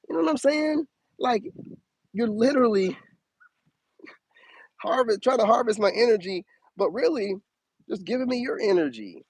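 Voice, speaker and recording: A man's voice: normal speed, long pauses, breathy edge, no echo, poor audio. Man preaching on his stream, voice jumps way up when he stresses stuff, dry close mic. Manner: animated, preachy, swoops up high for emphasis. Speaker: spiritual advice streamer. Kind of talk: casual live-stream monologue.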